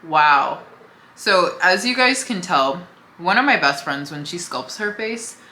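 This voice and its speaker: A young woman chats her way through a makeup routine in a casual, easygoing way. Her voice sits low but comes across bright and clear. The room around her is echoey, with a faint hum underneath. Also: expressive, slow. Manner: chatty, talks while applying makeup, easygoing. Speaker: beauty vlogger. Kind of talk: casual makeup tutorial chat.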